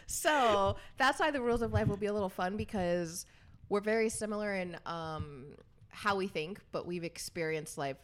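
A woman's voice: medium pitch, moderate pace. A young woman hosting a podcast, chatting casually with her sister and laughing often. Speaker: podcast host. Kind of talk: casual chat.

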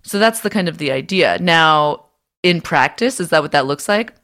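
A woman's voice: sits low, lively intonation, moderate pace, fairly bright tone. A woman co-hosting a podcast, explaining ideas at length in a casual, swearing way full of fillers and restarts. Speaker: podcast co-host. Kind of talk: casual political discussion.

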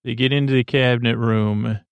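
A man hosting a podcast, recapping an episode in a halting, rambling way with many fillers and restarts. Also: medium pitch, fairly even intonation, vocal fry, smooth, no room sound. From United States. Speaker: podcast host.

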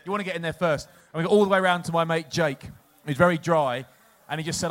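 An English man in his forties tells rambling stories on stage and keeps laughing at his own punchlines. His voice sits a little high for a man, and he loses the thread and picks it back up as he goes. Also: steady tone, racing, fairly bright tone. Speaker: podcast co-host, former rugby player. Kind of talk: live comedic storytelling.

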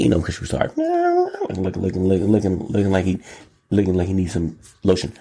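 A man hosting his own show, talking solo in an animated, exclamatory way, riffing and repeating words in long runs. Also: lowish voice, fairly quick, gravelly, breathy edge. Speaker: show host. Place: Los Angeles.

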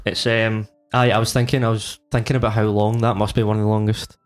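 A man with a fairly low voice talks quickly on a podcast, halting and restarting as he goes. Faint music runs behind. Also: little pitch movement. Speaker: podcast co-host. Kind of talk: casual chat, reading a plot summary.

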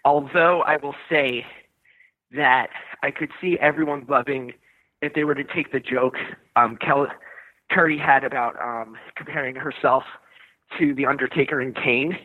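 An American man chatting as a guest over a video call, hesitant and halting, from an office building foyer. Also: mid-range voice, steady tone, narrow, tinny audio. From United States.

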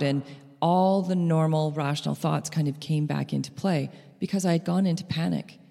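Gravelly-voiced woman telling a story in a hall. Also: low-pitched, a little fast. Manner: animated storyteller, laughs between phrases. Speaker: speaker. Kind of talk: personal storytelling talk. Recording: long hall reverb.

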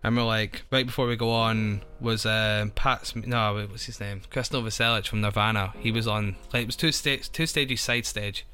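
A man's voice: lowish voice, fairly even intonation, moderate pace, hardly any pauses, sharp tone. A young Scottish man, a touring musician, chatting casually on a podcast, rambling with lots of "like" fillers. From Scotland. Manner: rambling, full of "like" fillers, self-described anxious.

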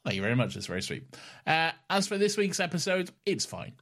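A man's voice: fairly high pitch, sing-song, a little fast, gravelly, a bit bright. A young man co-hosting a podcast in casual chat, giggly and rambling as he reads listener emails. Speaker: podcast co-host.

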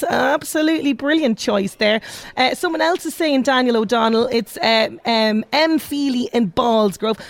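A woman's voice: on the high side, no room sound. A woman with an Irish accent presenting a radio show, chatty and upbeat, reading out listener messages. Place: outside broadcast at a local venue.

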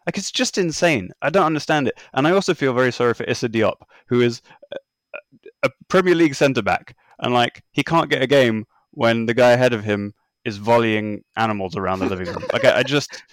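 A man's voice: mid-range voice, a little fast, no echo, clean studio sound. A man co-hosting a casual football podcast, talking in an exasperated, rambling, sardonic way. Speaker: podcast co-host.

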